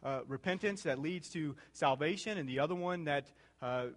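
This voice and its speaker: A male pastor preaching a sermon, asking the congregation questions and repeating phrases, rising to loud high peaks and dropping to soft low passages. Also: moderate pace, very noisy.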